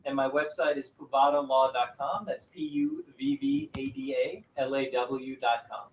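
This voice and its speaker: A man, a lawyer and guest on a talk show, explaining legal rules in a calm, clear way. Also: medium pitch, normal speed, slight background noise, low-quality recording. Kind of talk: explaining law in an interview.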